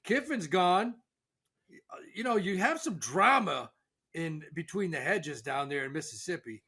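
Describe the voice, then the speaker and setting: A man hosts a sports betting chat, brash and a bit profane, often leaning on gut feelings. His voice is somewhat high and sharply bright. He talks loosely with his co-host. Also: lively intonation, measured pace, husky. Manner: brash, swearing, hedging hunches.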